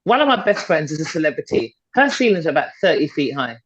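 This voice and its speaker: A woman's voice: sits low, big pitch swings, quick pace, a little hiss or hum. A middle-aged woman, a fitness and confidence coach, speaking as a podcast guest in an emphatic, persuasive way and repeating points for stress. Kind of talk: motivational conversational talk. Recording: dull, slightly lo-fi podcast audio.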